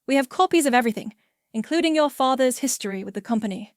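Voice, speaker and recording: A woman voicing a firm male HR officer who makes brisk official announcements in a storybook reading. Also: high voice, lively intonation, no room sound, studio quality.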